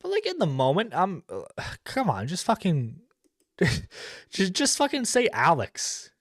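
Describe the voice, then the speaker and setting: A man's voice: high-pitched, wildly swooping pitch, measured pace, no room sound, clean studio sound. A man giving casual, rambling commentary as a streamer reacting to a video, with lots of fillers and blunt profanity.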